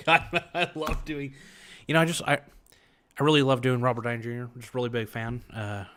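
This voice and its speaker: A man's voice: medium pitch, level tone, normal speed, fairly bright tone. A young man live-streaming from home, reading chat aloud in a rambling, joking, self-mocking way. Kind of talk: casual livestream chat.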